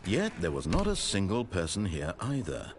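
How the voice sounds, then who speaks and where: A man playing a calm, wry male narrator, telling the story in measured scripted narration that swells dramatically. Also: deep voice, crowd noise, exaggerated voice. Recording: game audio with steady background noise.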